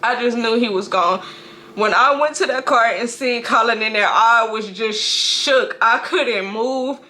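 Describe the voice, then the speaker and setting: Bright-voiced woman telling a painful story. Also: a little high. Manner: halting, emotional storytelling with frequent restarts and profanity. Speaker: mother. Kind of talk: personal testimony to camera.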